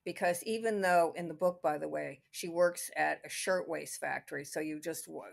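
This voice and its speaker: A woman's voice: low voice, moderate pace, vocal fry. A woman co-hosting a podcast, talking through a classic film in a casual, thinking-aloud way with many restarts. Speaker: podcast co-host.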